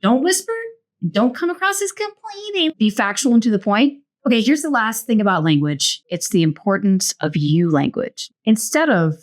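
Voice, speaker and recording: A woman hosting a book show, summarizing a book in a casual, lively way with playful asides. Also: a little high, moderate pace. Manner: lively and playful, slips into mock voices.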